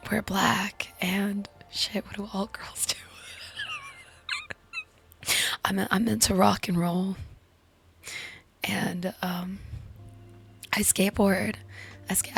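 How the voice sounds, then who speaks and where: A woman with a hoarse, healing voice voicing a smug teenage girl who insists she is not like other girls. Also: mid-range voice, fairly bright tone.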